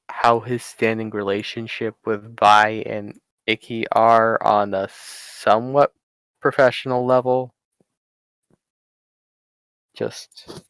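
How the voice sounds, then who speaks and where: Slow, gravelly man running a tabletop game. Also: lowish voice, fairly bright tone, dry recording. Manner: halting, many fillers and restarts. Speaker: game master. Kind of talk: narrating a tabletop game over voice chat.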